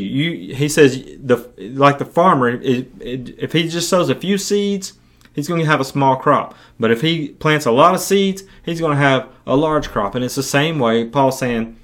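Earnest preacher man. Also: medium pitch. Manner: earnest, repeats words and restarts often. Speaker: podcast preacher. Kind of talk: Bible reading and podcast teaching.

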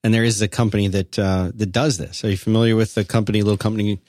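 A man's voice: lowish voice, level tone, fast talker, darkish tone, dry recording. A man co-hosting a podcast in casual chat, dry and wry, who prompts his partner and reads an ad. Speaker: podcast co-host.

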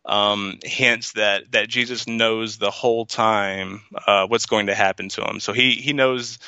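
A man's voice: lowish voice, steady tone, measured pace, bright, forceful tone, smooth, no echo, dull audio. A man in a casual podcast discussion, talking in a rambling way with many fillers and restarts. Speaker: podcast co-host.

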